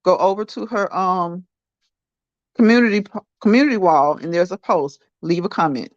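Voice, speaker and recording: A woman's voice: lowish voice, normal speed, no room sound. Woman, livestream host, casual chatter, laughs often, dull dry lo-fi sound.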